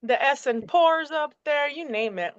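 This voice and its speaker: A woman in rambling casual chat on a video call, halting and full of fillers and restarts. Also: high voice, animated, dry recording. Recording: dull lo-fi call audio.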